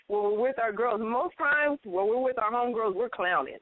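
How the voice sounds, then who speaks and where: A woman co-hosting a casual chat show, telling animated stories and acting out quotes in higher voices. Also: normal speed, dry recording. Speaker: co-host. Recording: tinny phone-like line, dry.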